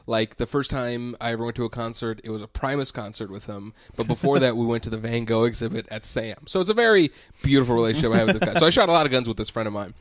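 A podcast co-host from Bellevue, Washington, spinning casual stories with frequent laughs. His voice sits at an ordinary male pitch, recorded dry and close with no room sound. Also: fast talker, few pauses, no echo. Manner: animated storyteller, laughs often.

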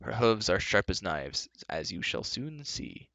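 A man's voice: on the low side, very animated, measured pace, vocal fry, sharp tone, no echo, heavily acted. A man reading aloud and voicing a proud, scornful young prince who talks in a haughty, cutting way.

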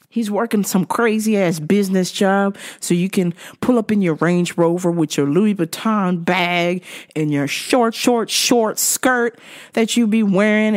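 Animated, profane woman telling stories. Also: medium pitch. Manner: profane, laughs often, acts out scenes. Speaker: vlogger. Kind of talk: comedic storytelling vlog.

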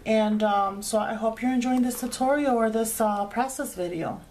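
A woman's voice: fairly high pitch, moderate pace, a little mellow, a little hiss or hum. A woman hosting a craft tutorial, chatting casually as she explains each sewing step with frequent fillers.

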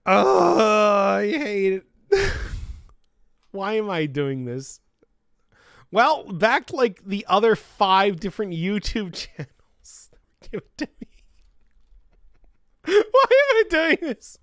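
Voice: medium pitch, sing-song, slow pace, long pauses, a bit bright, no room sound, clean studio sound. A live-streamer chatting casually, grumbling in exasperation, cursing, and laughing often. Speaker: livestreamer.

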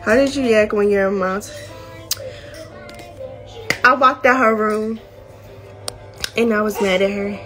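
A woman's voice: medium pitch, steady tone, slow, pauses often. A teenage girl chatting candidly to viewers in a casual vlog, using slang like y'all and finna. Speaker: vlogger. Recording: music playing behind the voice.

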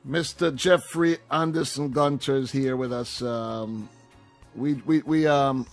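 A man hosting a casual interview, reading out listener questions in a relaxed way. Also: mid-range voice, a little slow, soft background music. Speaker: host.

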